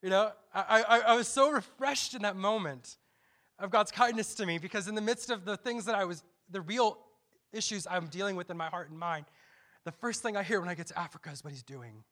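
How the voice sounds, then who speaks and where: A young man with a high, sharp-toned voice delivers his missionary testimony briskly. He quotes things he said to himself and restarts often as he tells it.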